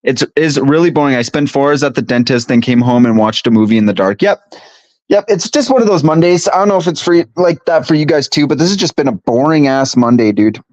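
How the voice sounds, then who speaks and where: A man's voice: mid-range voice, animated, fairly quick, darkish tone, no echo. A young man, stuffy from allergies, chatting casually and profanely on a live stream and reading chat aloud. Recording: dry, slightly dull home recording.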